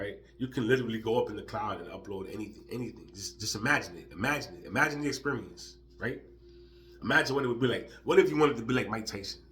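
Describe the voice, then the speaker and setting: Laid-back slangy man, low voice. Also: brisk, fairly bright tone, a little hiss or hum. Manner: loose, slangy and profane, laughs often. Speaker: vlogger. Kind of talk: casual spiritual monologue.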